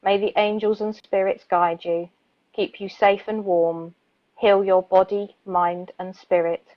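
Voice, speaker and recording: A woman reads poems aloud in a slow, soothing voice on a community radio show, then slips into easy, laughing chat. Her voice sits at a medium pitch, and the recording sounds a little dull and lo-fi. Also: flat delivery. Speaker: radio co-host reading listeners' poems. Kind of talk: gentle poetry reading and casual chat.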